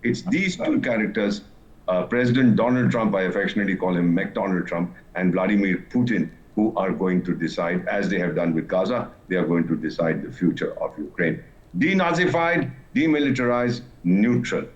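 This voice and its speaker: An older man, a former ambassador, giving animated and mocking commentary as a guest on a news panel over a remote link. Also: deep voice, normal speed, lo-fi sound. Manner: animated, scornful, mocking impressions.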